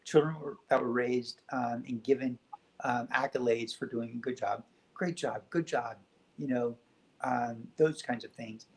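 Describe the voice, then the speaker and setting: Gentle reflective man telling stories. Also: mid-range voice, fairly even intonation, moderate pace, poor audio. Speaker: guest. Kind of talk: spiritual talk show conversation.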